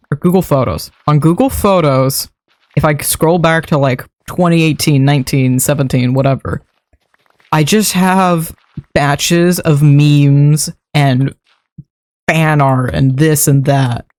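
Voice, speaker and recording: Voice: mid-range voice, darkish tone, no echo. A young adult streamer chatting casually while building in a game, rambling from one story to the next with frequent laughs and the odd swear word.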